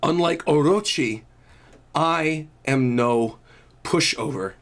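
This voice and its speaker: A hulking tyrant dragon warlord, as a man puts him on while reading a manga aloud, slow and deliberate, dropping his voice into a low, drawn-out growl. He sounds menacing and sure of his power. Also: a bit bright.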